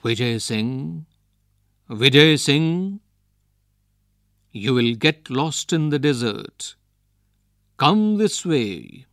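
A scheming ghost, put on by a male storyteller, calls out in a slow, coaxing voice. Each word is drawn out, and the recording is dry and close. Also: mid-range voice, expressive, a bit bright, dry recording, exaggerated voice. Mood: luring. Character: lying, scornful male desert ghost.

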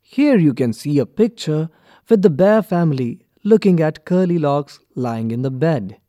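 A man reading a children's story aloud from a textbook, clear and deliberate for young learners. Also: on the high side, animated, dark tone, no echo. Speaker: textbook reader. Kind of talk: slow expressive storybook reading.

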